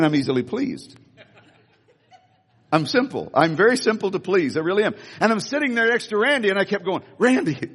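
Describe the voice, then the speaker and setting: A male pastor giving a lively sermon, telling stories and joking with the congregation. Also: sits high. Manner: animated storytelling with audience asides. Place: church hall. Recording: hall reverb.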